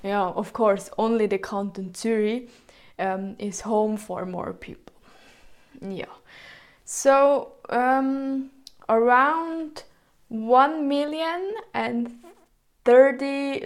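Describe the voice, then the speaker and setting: A young woman with a Swiss German accent giving an informal presentation in English, hesitant, with frequent ums and self-corrections. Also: fairly high pitch. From Switzerland.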